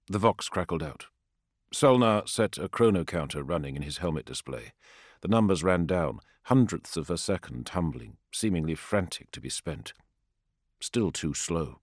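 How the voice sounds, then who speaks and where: A man narrating an audiobook in a measured, grave storytelling manner, recorded on a close studio microphone. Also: low-pitched, lively intonation, no echo. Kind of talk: scripted dramatic narration.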